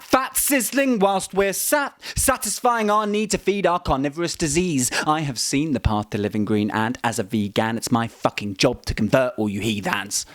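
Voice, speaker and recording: A man's voice: on the high side, fairly bright tone. A man performing a spoken word poem with an aggressive, profane, rhythmic rhyming delivery.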